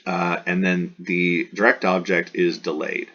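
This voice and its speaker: Male Latin teacher, deep and gravelly, casual explaining lecture style with fillers, muffled lo-fi recording. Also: flat delivery, a little slow, a bit bright. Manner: explanatory and conversational, many fillers and restarts. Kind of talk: line-by-line classroom translation lecture. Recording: dull lo-fi audio.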